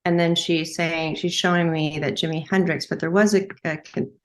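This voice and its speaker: A woman's voice: on the low side, fairly even intonation, moderate pace. Hesitant woman relaying messages as a medium. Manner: hesitant, relays what she is told.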